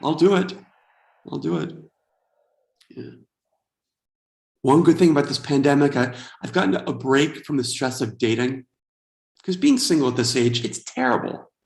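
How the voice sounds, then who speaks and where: Wry, animated comedian in his forties. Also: medium pitch, normal speed, roomy sound. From United States. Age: 40s. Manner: wry, self-deprecating, animated storytelling. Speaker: stand-up comedian. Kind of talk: stand-up comedy set.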